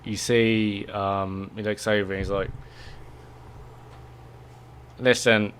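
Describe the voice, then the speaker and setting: Game master, low voice. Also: male voice, flat delivery, normal speed, slight background noise. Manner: casual, filler-heavy narration. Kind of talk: narrating a tabletop game.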